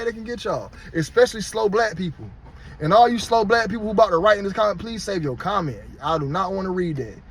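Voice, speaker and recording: Blunt, high-pitched man ranting. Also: a bit bright. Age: 30s. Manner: blunt, heated, profane. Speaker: vlogger. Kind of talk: casual rant to camera.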